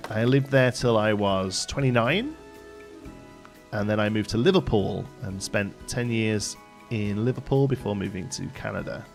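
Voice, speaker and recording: A man's voice: on the low side, normal speed, creaky, faint music behind. A man, chatting casually and rambling as he streams a game and answers chat. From England, Staffordshire. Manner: rambling, chatty, many fillers and restarts. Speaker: live streamer. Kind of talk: casual chat while gaming, reading chat aloud.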